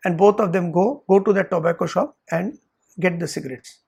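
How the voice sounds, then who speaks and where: A Vedanta teacher speaks in a gravelly, slightly husky voice. The teacher retells a story to make a point, breaking into short quoted lines for each character. The tone stays that of a lecture. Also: mid-range voice, fairly quick, darkish tone.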